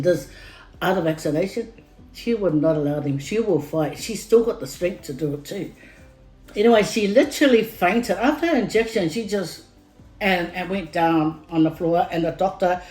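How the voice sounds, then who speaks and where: A woman's voice: medium pitch, a little mellow. A middle-aged woman with a Samoan accent telling a family story to her vlog viewers in a rambling, casual way, full of fillers and repeated words. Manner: rambling, many fillers, heated when retelling. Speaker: family vlogger. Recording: roomy echo with faint music.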